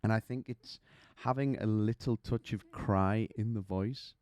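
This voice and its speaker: A man's voice: fairly low pitch, measured pace, a little mellow, no room sound. A man teaching singing technique, chatty and explaining with demonstrations and little stories. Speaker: vocal coach. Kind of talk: singing lesson to camera.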